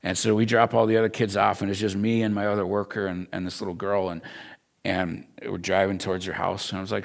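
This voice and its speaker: A low-voiced man with a gravelly, creaky edge, teaching a class. He tells a personal story in an earnest, emotional way. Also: steady tone, brisk. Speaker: Bible school instructor.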